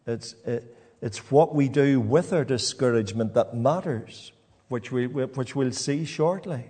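A man preaching a sermon in a church, halting and repeating words as he talks. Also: medium pitch, warm tone, husky, long reverb tail.

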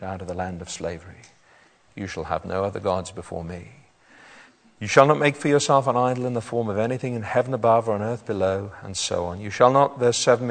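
A man preaching a sermon, reading scripture aloud and then explaining it to his congregation. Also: mid-range voice. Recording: long hall reverb.

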